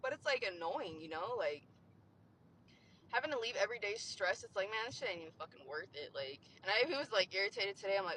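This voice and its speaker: A woman's voice: on the low side, lively intonation, fast talker, bright, forceful tone, slight background noise, poor audio. A young woman venting about her job in a casual, rambling way, swearing often and filling her talk with "like". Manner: frustrated, profane, rambling with many "like" fillers. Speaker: vlogger venting about work.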